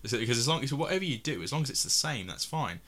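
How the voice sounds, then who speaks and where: A man's voice: mid-range voice, very animated, very fast, fairly bright tone. A man from England chatting casually about films, rambling with many restarts and frequent laughs. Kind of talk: casual film discussion.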